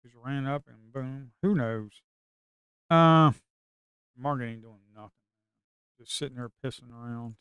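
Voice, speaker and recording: An excitable man talks casually through trades on his screen, rambling and full of slang. His voice sits at a middle pitch and comes through smooth and clean. The sound is close and dry, with no room around it. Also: a little slow, pauses often, no echo, dull audio. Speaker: futures trader and video host. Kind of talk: casual screen-share trading commentary.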